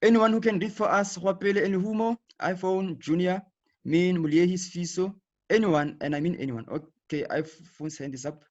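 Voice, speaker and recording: Over a video call, a man teaches a live online lesson, explaining patiently, repeating himself and often checking in with "okay". His voice is high and darkish at normal speed, and the online audio sounds dull and lo-fi.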